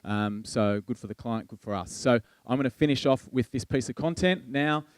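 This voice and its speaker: A man's voice: mid-range voice, normal speed, no room sound. A man giving a conversational conference keynote, with frequent ums and restarts. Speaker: keynote speaker. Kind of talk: conference presentation.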